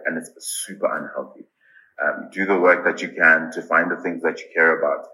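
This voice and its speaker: Low flat-voiced guy giving earnest advice, lots of ums, kinda bright tone. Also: rough recording. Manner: earnest, repeats "I really think" with many ums. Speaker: podcast guest. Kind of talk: casual interview answers.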